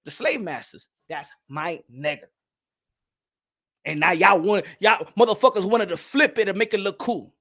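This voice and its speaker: A New Yorker with a high, sharp voice and a New York accent hosts a boxing channel. At a moderate pace, he rambles through a loose monologue, swearing and laughing often.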